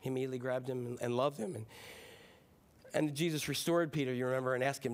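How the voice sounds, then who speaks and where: A man preaching a sermon in a conversational, animated way, dropping his voice to act out quoted lines. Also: medium pitch, fast. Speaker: pastor.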